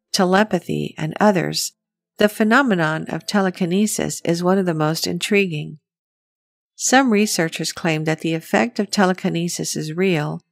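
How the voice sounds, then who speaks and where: A woman reading a scripted documentary narration in an even, measured way. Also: fairly low pitch, vocal fry, dry recording.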